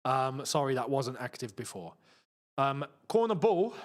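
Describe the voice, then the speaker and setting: A man's voice: medium pitch, big pitch swings, a little slow. A young man hosting a live football watchalong, chatting and reading out viewer comments. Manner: chatty, reads out viewer comments, bursts into emotional shouts. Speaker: football channel host.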